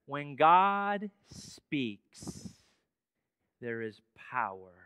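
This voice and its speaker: Male pastor, high voice, dramatic sermon delivery, hushed to emphatic, dry close mic. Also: sing-song, extremely slow, clear, resonant tone, dry recording. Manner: dramatic preaching, swings between hushed and emphatic. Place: church sanctuary.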